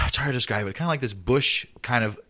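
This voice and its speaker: A man's voice: mid-range voice, moderate pace, sharp tone, no echo. A man co-hosting a casual comedy podcast, telling stories in a loose, profane way.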